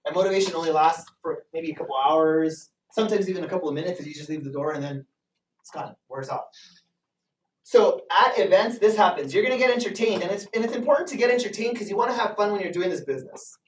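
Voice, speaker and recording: Man, business trainer, motivational group talk, energetic, asks audience questions, roomy echo, distant mic. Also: sits high, fast talker. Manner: energetic, keeps asking the audience questions and repeats himself for emphasis. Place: meeting room with a live audience. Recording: echoey room from far off.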